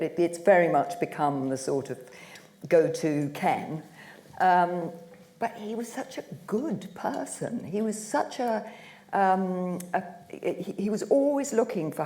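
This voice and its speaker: A woman on a discussion panel, speaking in a heartfelt, halting way. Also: low-pitched, warm tone. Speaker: panel guest.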